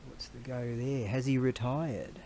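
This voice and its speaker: A man's voice: mid-range voice, steady tone, a little slow, dark tone, a little hiss or hum. A middle-aged Australian man giving casual, wandering commentary full of slang as a vlogger. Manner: slangy, wandering, chuckling storyteller.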